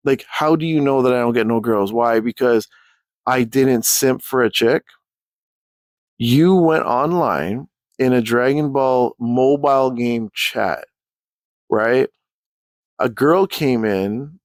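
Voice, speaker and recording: A man's voice: medium pitch, slow pace, long pauses, dry recording. A man telling a rambling, profane storytime rant as a YouTuber.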